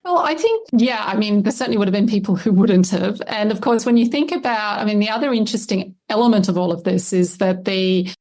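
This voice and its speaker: Australian woman, middle-aged, mellow warm tone, reflective, interview guest. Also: medium pitch, brisk, hardly any pauses. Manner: thoughtful, with frequent "I mean" and light laughs. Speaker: historian and lexicographer guest. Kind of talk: conversational interview answers.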